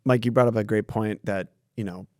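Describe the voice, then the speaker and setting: A man's voice: on the low side, fairly even intonation, a little fast, a little mellow, no echo, studio quality. A man from a community foundation in a casual podcast conversation, speaking in an easygoing, frank storytelling way.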